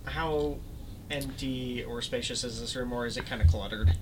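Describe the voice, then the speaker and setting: A man's voice: medium pitch, fairly even intonation, moderate pace, soft background music. A man playing in a tabletop game, speaking in a casual, playful way. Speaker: player.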